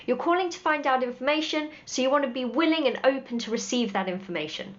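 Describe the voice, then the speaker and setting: A female horse dealer speaks to camera in a scripted advice piece, offering direct, practical tips with dry humour. Her voice is high-pitched and expressive, and she talks quickly. The audio is dull and lo-fi.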